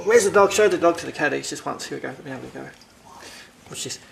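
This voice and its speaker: A woman's voice: mid-range voice, expressive, normal speed. Playful woman filming her pets. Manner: playful, exclaiming, teasing pets, barking woofs. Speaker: pet owner filming her kitten. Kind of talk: casual home-video commentary. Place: holiday home, indoors. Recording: echoey room with clear background noise.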